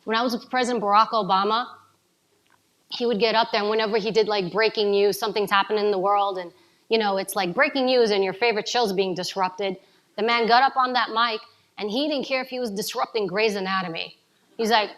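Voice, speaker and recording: A woman from New giving an energetic coaching talk to a live audience, asking them questions. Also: medium pitch, fairly quick. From New York City. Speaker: speaker at a summit.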